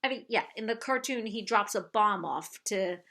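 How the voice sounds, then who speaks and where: A woman giving a casual spoken film review, halting and restarting often and laughing as she talks. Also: mid-range voice, bright, forceful tone. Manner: halting, many restarts and self-corrections; laughs often while talking.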